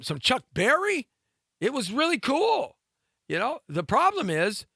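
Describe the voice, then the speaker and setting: A man's voice: high voice, sharp tone, dry recording, studio quality. A middle-aged man hosting a live talk show, joking and teasing himself and his cohost in a playful way. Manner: playful, self-mocking, banters with cohost. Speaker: radio show host.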